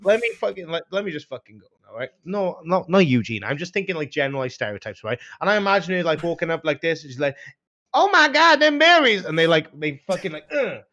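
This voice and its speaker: Fast, bright-voiced man ranting. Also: a little high, lively intonation, dull audio. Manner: rambling, swears constantly, acts out scenes. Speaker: podcast co-host. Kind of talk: casual profane chat.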